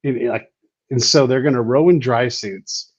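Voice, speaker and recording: A man hosting a podcast chats casually and tells stories, jumping up in pitch when he acts out what others said. His sound is a little dull and lo-fi, with the top end missing. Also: normal speed, slightly rough, dry recording. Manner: animated storyteller, acting out quotes with a rising voice. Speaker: podcast host.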